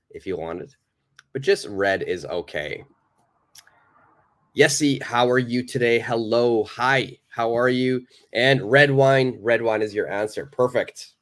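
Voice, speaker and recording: A man's voice: mid-range voice, slow. A man teaching a live online English lesson, patiently reading out viewers' answers, praising them and explaining simple phrases.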